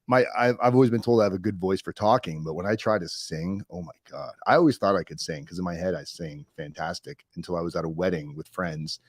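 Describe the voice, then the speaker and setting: A man's voice: low-pitched, fast talker, hardly any pauses, breathy edge, dry recording, clean studio sound. A man hosting a casual video podcast interview, joking, teasing himself and talking straight to his viewers. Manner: joking, self-deprecating, addresses viewers as "guys". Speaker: podcast host.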